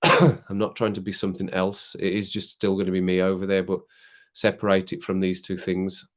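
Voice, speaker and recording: This British streamer sounds deep and monotone at a moderate pace as he drinks rum during a late-night live stream. Chatty and rambling, he reads viewer comments aloud, laughs often, and lets out the occasional cough.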